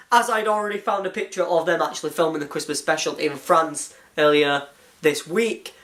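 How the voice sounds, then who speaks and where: An excited fan reviewer recapping a TV episode, gushing and rambling, often restarting with "anyway". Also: medium pitch, a little hiss or hum.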